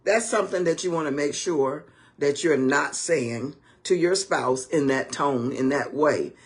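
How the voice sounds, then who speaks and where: A woman's voice: deep voice, measured pace. A woman ministering on marriage to camera in a preaching style, emphatic and full of rhetorical questions.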